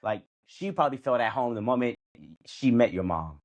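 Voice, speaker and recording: A man's voice: mid-range voice, animated, normal speed. Laid-back man in casual movie chat. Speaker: podcast co-host reviewing a film.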